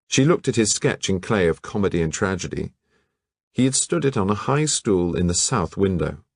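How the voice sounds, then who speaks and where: Deep-voiced man reading a novel aloud. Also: no room sound, studio quality. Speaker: audiobook narrator. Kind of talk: scripted audiobook narration.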